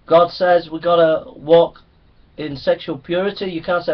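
A man's voice: a little high, steady tone, measured pace. A man preaching a sermon, emphatic and repetitive, driving his points home. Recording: dull lo-fi recording.

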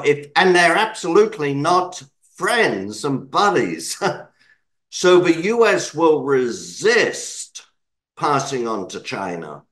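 A man's voice: a little high, a bit bright, rough recording. A British man answering interview questions in a digressive way, correcting himself and adding apologetic asides. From Britain. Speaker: interview guest, market commentator.

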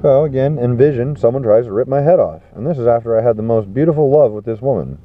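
A man telling a rambling festival story, animated and swearing, acting out the people he quotes. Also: medium pitch, quick pace, a little hiss or hum. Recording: tinny phone-like sound.

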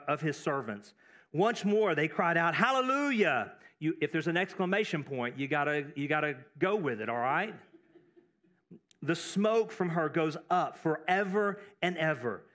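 A man from Texas preaching a sermon as pastor, animated, breaking into asides and calling out scripture with energy. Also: a little high. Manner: animated, exclaims scripture loudly, frequent asides and restarts. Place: church sanctuary.

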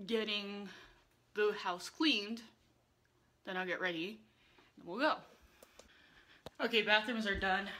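Doing chores and slightly breathless, a young vlogger talks to her audience in a relaxed chat, addressing them directly with a chatty, self-deprecating manner. Her voice is mid-range, bright and forceful. She records on a phone held on a selfie stick, first at home and later in a car.

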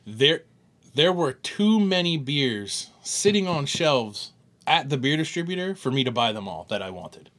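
A man's voice: mid-range voice, very animated, unhurried, a bit bright. A man co-hosting a podcast, chatting casually about beers and rambling through his thoughts with restarts. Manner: rambling, chuckling, self-correcting. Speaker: podcast co-host. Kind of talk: casual chat tasting beer.

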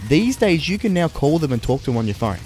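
A man's voice: a little high, sing-song, quick pace, a little mellow, slight background noise. A young man co-hosting a game video in casual, rambling chat, swearing freely. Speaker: let's play co-host.

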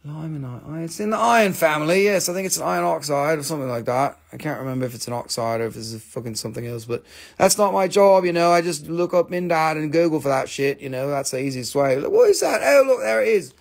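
A man's voice: fairly high pitch, fast talker, gravelly. A man hosting a live stream, selling crystals in casual, joking sales patter full of swearing. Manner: chatty, profane and joking.

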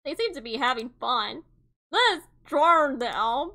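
A woman voicing a rude, bored teenage boy who speaks flatly and curtly. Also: sits high, slow, exaggerated voice. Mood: scheming.

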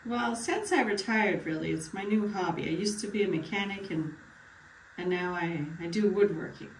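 A woman's voice: mid-range voice, normal speed, a little hiss or hum, natural voice. A woman playing a retired older male patient with a bad cough in a mock doctor-patient role-play, giving short plain answers. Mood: tired. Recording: echoey room, far from mic, faint ambience.

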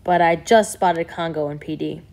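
A woman's voice: low-pitched, normal speed, darkish tone. A woman voicing a laid-back young male tech operator in an audiobook, casual and focused.

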